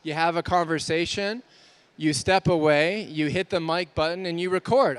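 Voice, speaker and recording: A man giving an energetic conference talk to exhibitors, asking many rhetorical questions. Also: on the high side, moderate pace, clear, resonant tone, no echo. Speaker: conference speaker.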